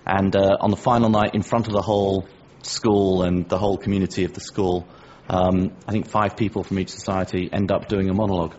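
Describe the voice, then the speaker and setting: A middle-aged English man co-hosting a podcast, telling a story in a lively, self-mocking way. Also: sits low, a little fast, a little hiss or hum. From England. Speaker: podcast co-host. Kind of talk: casual chat. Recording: dull lo-fi podcast audio.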